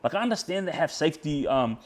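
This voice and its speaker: A man's voice: on the high side, expressive, quick pace. Australian man telling a rambling story. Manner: rambling, repeats words and restarts, quotes himself. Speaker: podcast guest. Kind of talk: casual storytelling.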